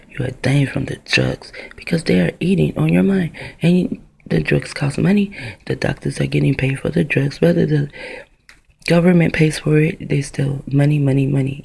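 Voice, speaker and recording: A woman's voice: low voice, vocal fry, a little mellow, slightly rough. A woman talking into her own camera in a rambling, profane vlog monologue that drifts from one idea to the next. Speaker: vlogger.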